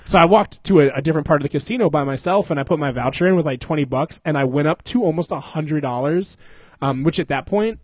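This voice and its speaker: A man's voice: a little high, fast talker, no echo. Profane, laughing man telling stories. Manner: profane, laughs often, acts out people in the story. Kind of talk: casual storytelling chat.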